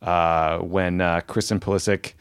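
A man co-hosting a casual podcast, relaxed and agreeable as he chats. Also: low-pitched, unhurried, clear, resonant tone. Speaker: podcast co-host.

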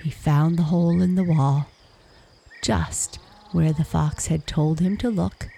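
Slow, gravelly woman telling a fable. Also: low-pitched, slight background noise. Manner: slow, hushed, gravelly reading. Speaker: storyteller. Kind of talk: storybook narration. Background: crickets.

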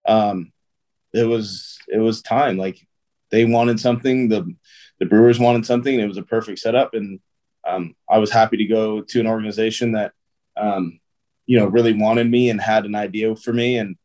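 A man with a lowish voice tells long stories as an interview guest. He talks loosely and casually, leaning on filler words and "dude" as he goes. The feel is relaxed and conversational. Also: normal speed. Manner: loose and chatty, full of "um", "like" and "dude". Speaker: guest, pro baseball player.

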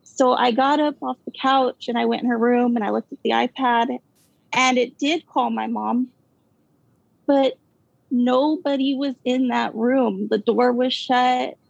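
A woman telling a ghost story in a casual, halting way, full of fillers and nervous asides. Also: fairly high pitch, fairly even intonation, creaky, dry recording. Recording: dull, dry lo-fi sound.

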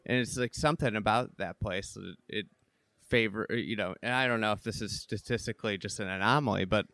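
Smooth-voiced chatty male host. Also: on the low side, a little fast, a bit bright, no echo. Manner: enthusiastic, chatty, filler-heavy. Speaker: interview host. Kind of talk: casual interview talk.

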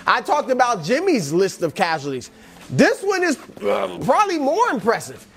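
A man's voice: sits high, huge pitch swings, moderate pace, gravelly, fairly bright tone, slightly rough. A man co-hosting a sports talk show, delivering a hyped-up motivational list straight to the players. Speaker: co-host.

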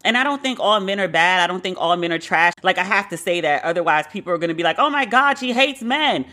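A woman's voice: lowish voice, quick pace, bright, forceful tone. A woman with a New York accent telling a candid personal story, blunt and profane, acting out the quoted dialogue. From Brooklyn, New York.

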